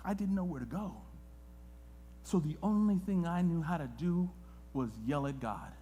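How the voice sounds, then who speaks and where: Male guest preacher, high voice, hushed to loud, church hall reverb. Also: lively intonation, moderate pace, a little hiss or hum. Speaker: guest pastor. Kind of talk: sermon. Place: church sanctuary.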